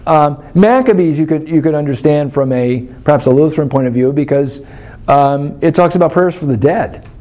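A man's voice: on the high side, normal speed, dark tone. A man leading a church study class, explaining things in an informal, thoughtful and wry way while answering questions.

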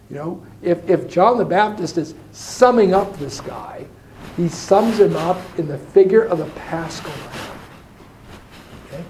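A teacher explains faith during a discussion, his fairly high yet mellow voice carrying lively intonation. Thoughtful and digressive, he slows down to stress key points, in an echoey room with a faint hiss.

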